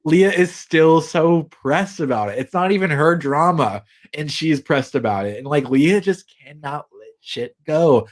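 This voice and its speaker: A man's voice: fairly high pitch, lively intonation, unhurried, hardly any pauses. A young man co-hosting a podcast, chatting casually and gossiping about reality TV, acting out quotes and swearing freely. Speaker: podcast co-host. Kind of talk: casual chat recapping reality TV.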